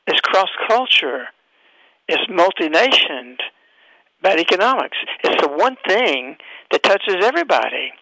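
A man's voice: fairly high pitch, vocal fry, bright, forceful tone, no echo, low-quality recording. A man hosting a radio talk show, delivering an emphatic, preachy monologue full of rhetorical questions.

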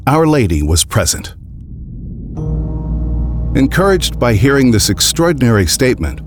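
A man narrating a scripted story in a grave, measured way. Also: medium pitch.

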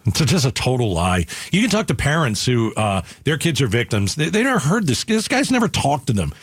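A man's voice: mid-range voice, sing-song, a little fast, slightly rough, no room sound. A man hosting a radio talk show from Arizona, speaking angrily and emphatically and repeating his points. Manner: angry, emphatic, repeats himself.

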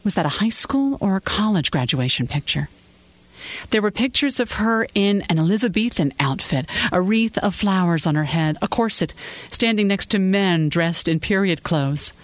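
An audiobook narrator reading a story in a measured storytelling way, close to the mic. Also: medium pitch, very animated, no echo. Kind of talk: scripted narration.

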